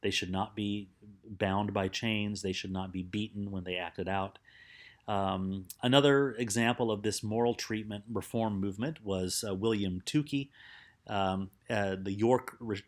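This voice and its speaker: A man's voice: on the low side, unhurried. A man teaching a recorded psychology lecture in a conversational way, with many fillers and restarts.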